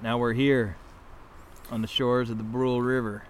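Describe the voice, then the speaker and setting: A man's voice: mid-range voice, flat delivery, moderate pace, a little hiss or hum. A man co-hosting a trip podcast outdoors by a river, talking in a laid-back way with dry, wry humor. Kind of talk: casual chat on a canoe trip.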